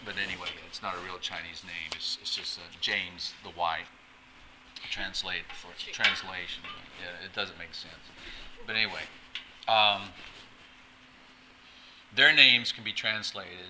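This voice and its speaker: A man's voice: low voice, steady tone, measured pace, long pauses, pushed and bright, a little hiss or hum, rough recording. A man preaching a conversational sermon as a pastor, often stumbling over and repeating words with chatty asides.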